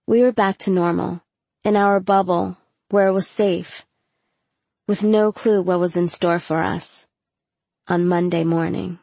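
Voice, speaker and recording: A woman narrating a first-person audiobook in a measured storytelling voice with casual slang. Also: fairly low pitch, fairly even intonation, creaky, mellow, no echo.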